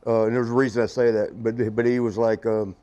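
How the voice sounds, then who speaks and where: A man's voice: medium pitch, level tone, a little fast, warm tone, muffled recording. A middle-aged man as an interview guest, telling a rambling anecdote in a casual way, often chuckling and acting out other people's lines.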